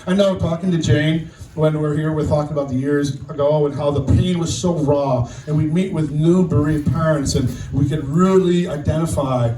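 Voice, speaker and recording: An older man giving a memorial speech as guest speaker, telling a personal story in a halting way, often repeating words. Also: on the high side, dark tone. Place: outdoor memorial gathering. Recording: distant echoey sound with faint noise.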